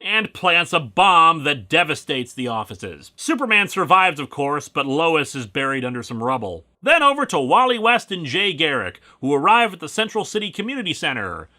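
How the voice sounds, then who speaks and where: A man's voice: on the high side, very animated, moderate pace, hardly any pauses, sharp tone. A man reviewing comic books in comedic narration, full of sarcastic, wry asides.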